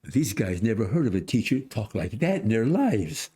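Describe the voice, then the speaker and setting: A man of a hundred, a podcast guest, telling a story in casual conversation, animated, acting out voices and restarting often. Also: fairly low pitch, normal speed. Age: 100s.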